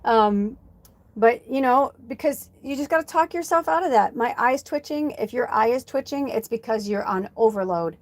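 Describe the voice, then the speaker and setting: Woman, spiritual medium, chatty live-stream reader with a gentle coaching tone. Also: a little high, moderate pace. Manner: chatty, animated, sprinkles in "like" and "you know"; soothing, encouraging affirmations.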